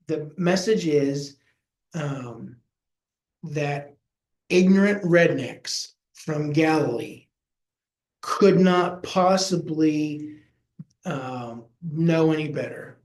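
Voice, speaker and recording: Male pastor, folksy Bible teaching, slow unhurried delivery, roomy echo. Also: a little high, expressive, darkish tone. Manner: folksy, acts out quoted voices. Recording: echoey room.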